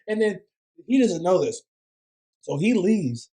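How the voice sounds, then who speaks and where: A man's voice: high-pitched, sing-song, measured pace, a crowd in the background. A man hosting a podcast, telling a story in casual chat and laughing often as he goes. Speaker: podcast host.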